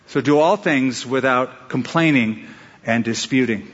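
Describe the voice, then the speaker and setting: A man's voice: medium pitch, measured pace. A male pastor giving a conversational sermon, asking his listeners questions and acting out little asides. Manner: conversational preaching with rhetorical questions and acted-out asides. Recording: dull sound with long hall reverb.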